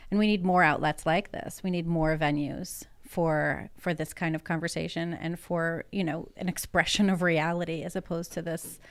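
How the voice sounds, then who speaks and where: A woman's voice: lowish voice, normal speed, hardly any pauses, clear, resonant tone, no echo. A woman speaking as a guest on a panel discussion, steadily listing her points one after another. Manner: steady, lists points in series. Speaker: guest editor.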